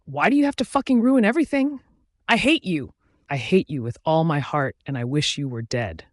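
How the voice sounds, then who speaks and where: A man voicing a fierce teenage girl werewolf beta, reading her lines in a raised, shouting pitch. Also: animated, moderate pace, dry recording, studio quality, close to an everyday voice. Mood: furious.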